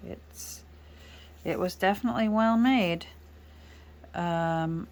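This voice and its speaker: A woman chatting casually as she works in her craft studio, rambling gently with many fillers. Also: low-pitched, steady tone, takes it slowly, slight background noise. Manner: chatty, rambling, soft-spoken with frequent fillers. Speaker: junk journal crafter. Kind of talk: casual chat while crafting.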